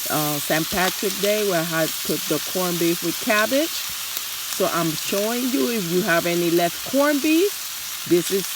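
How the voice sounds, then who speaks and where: A woman's voice: fairly low pitch, animated, measured pace, background noise. A woman from the New Jersey and New York area hosting a casual cooking demonstration in her kitchen, chatty and enthusiastic, talking straight to her viewers while she is losing her voice. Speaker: cooking channel host. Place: home kitchen at the stove.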